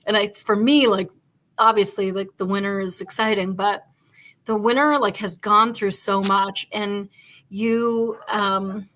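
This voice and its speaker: Podcast host, woman, bright forceful voice, rambling casual storyteller. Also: mid-range voice, unhurried. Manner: rambling, animated storytelling full of fillers. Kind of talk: casual chat.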